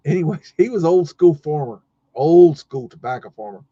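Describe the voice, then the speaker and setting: A man's voice: fairly high pitch, expressive, moderate pace, warm tone, husky, dry recording, lo-fi sound. A man hosting a livestream, telling a story casually and rambling with many fillers and restarts. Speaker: livestream host.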